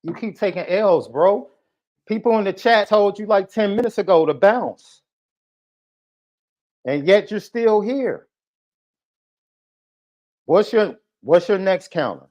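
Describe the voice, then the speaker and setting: A man hosting a live podcast, ranting heatedly and repeating his taunts at a critic. His voice sits a little high. The audio is muffled and lo-fi, like a compressed stream. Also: animated, slow, pauses often, a little mellow. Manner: combative, taunting, repetitive. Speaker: podcast host.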